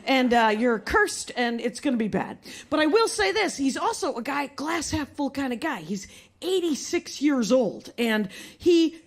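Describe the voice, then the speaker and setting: Middle-aged female stand-up, high voice, dry and wry storyteller. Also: big pitch swings, unhurried. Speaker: stand-up comedian. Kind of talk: stand-up comedy set.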